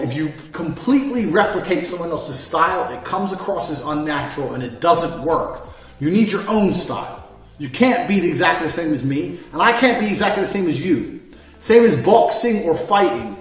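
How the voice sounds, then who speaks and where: Forceful male lecturer, somewhat high voice, cursing and blunt; recorded far from the mic in a very echoey room. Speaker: instructor. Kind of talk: lecture course.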